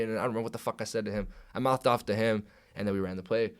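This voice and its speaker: Fast-talking, profane young man telling stories. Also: mid-range voice. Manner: profane, animated, acts out quoted dialogue. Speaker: podcast guest, pro wrestler. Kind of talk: casual storytelling chat.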